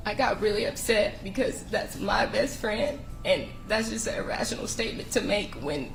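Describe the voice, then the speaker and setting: A woman recounting events in an interview, halting and emotional as she speaks. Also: mid-range voice, gravelly, echoey room, rough recording. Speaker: interviewee, friend of the victim.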